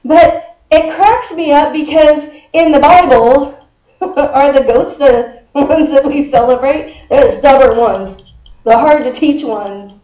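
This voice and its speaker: A woman pastor in her fifties preaches in a loose, chatty way, tossing questions to her congregation. Her voice sits high but has a mellow tone. The sound rings around an echoey church sanctuary. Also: steady tone, takes it slowly. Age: 50s. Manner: chatty, quizzes the congregation, laughs often. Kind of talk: conversational sermon.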